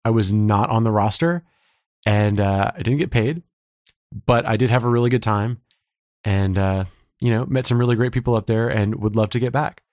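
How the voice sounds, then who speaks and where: A man's voice: lowish voice, moderate pace, a little mellow, dry recording, clean studio sound. Man with a slightly scratchy throat, casual. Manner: casual, joking. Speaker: podcast co-host. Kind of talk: casual podcast talk.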